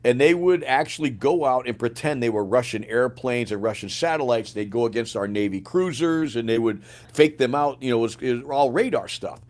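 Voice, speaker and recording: A man's voice: mid-range voice, fairly quick. An older man, a retired soldier, telling stories in a casual interview, acting out the dialogue and swearing freely. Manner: animated storyteller, acts out quoted dialogue, swears freely. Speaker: guest, retired Green Beret sergeant major.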